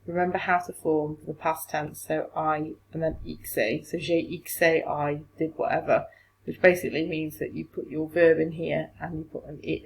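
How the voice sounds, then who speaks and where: A woman's voice: low voice, creaky, rough recording. A woman, a French teacher explaining step by step in a recorded remote lesson, encouraging her pupils.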